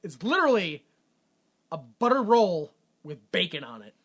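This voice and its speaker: Bright-voiced excitable man recapping a movie. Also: high-pitched, moderate pace. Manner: rambling, excitable storytelling with many restarts. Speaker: podcast host. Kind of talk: casual comedic movie recap. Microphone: podcast microphone.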